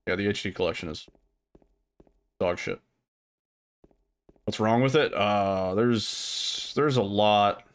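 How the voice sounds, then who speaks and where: A man's voice: fairly low pitch, takes it slowly, pauses often, clean tone. A man streaming a game, chatting casually and swearing freely with lots of filler words. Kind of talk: casual chat while gaming.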